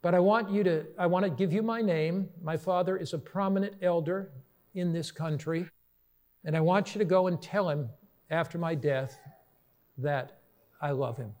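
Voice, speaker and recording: A male preacher voicing a despairing young woman on the phone, speaking quietly and hopelessly. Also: fairly high pitch, normal speed, natural voice.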